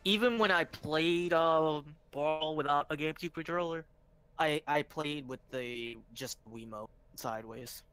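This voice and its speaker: A man chatting casually about video games with friends, excitable and quick to swear. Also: on the high side, clear, resonant tone. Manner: excitable, swears, calls everyone dude. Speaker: stream co-host. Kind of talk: casual gaming chat.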